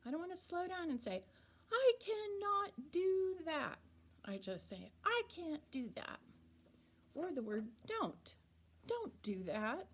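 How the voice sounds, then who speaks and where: Slow, patient woman teaching young children. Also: on the high side. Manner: slow, patient, deliberately sounds words out. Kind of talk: reading lesson for children. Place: school or classroom.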